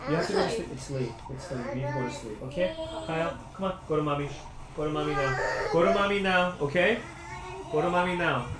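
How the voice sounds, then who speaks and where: A mother gently coaxing a small child to bed, speaking softly and repetitively from across the room, away from the mic. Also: deep voice, quick pace, reverberant, over a noisy crowd, rough recording. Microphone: off-mic, at a distance in the room.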